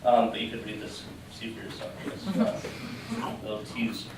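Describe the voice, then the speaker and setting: A man's voice: lowish voice, completely flat delivery, a little fast. A man, the author, giving a live reading of his memoir with chatty asides, ums and laughs. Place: bookstore. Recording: echoey room, distant mic, background noise.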